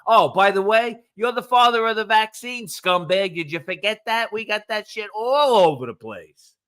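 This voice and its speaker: A man ranting loudly and swearing as a guest on a casual live stream. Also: high voice, lively intonation, moderate pace. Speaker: guest, host's husband.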